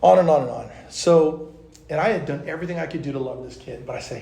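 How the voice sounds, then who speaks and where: Gravelly pastor in an echoey hall. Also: male voice, a little high, fast talker, a little hiss or hum. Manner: conversational, animated storyteller with fillers. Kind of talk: conference teaching with storytelling. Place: large conference hall.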